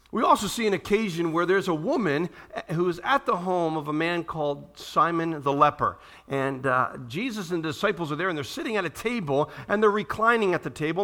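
Male pastor, high voice, bright tone, animated sermon delivery, questions to the congregation. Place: church room.

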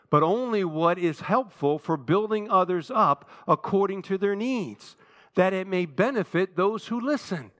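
Male preacher, impassioned sermon delivery with pleading prayers, high-pitched voice. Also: expressive, normal speed, fairly bright tone. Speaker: pastor.

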